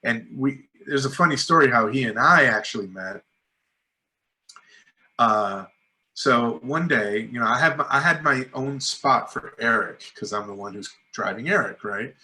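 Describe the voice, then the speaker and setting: A middle-aged filmmaker, interviewed casually, recounts lively anecdotes and acts out people's words, leaning heavily on "like" and "you know." His pitch is medium and his pace a little slow.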